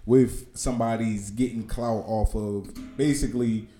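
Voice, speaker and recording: A man's voice: on the low side, steady tone, warm tone, faint music behind. Hesitant man in a roomy echo. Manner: slow, hesitant questions.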